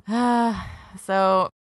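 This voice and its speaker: A woman's voice: medium pitch, steady tone, drawn-out words, dry recording. A woman co-hosting an anime podcast, recapping episodes in a sarcastic, swearing, casual way and acting out characters' lines. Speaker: podcast co-host.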